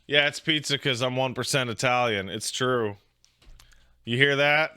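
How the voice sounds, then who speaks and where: A man's voice: medium pitch, measured pace, pushed and bright, clear, resonant tone, dry recording, studio quality. A young man chatting casually as a streamer, joking, rambling and swearing while he reacts to videos.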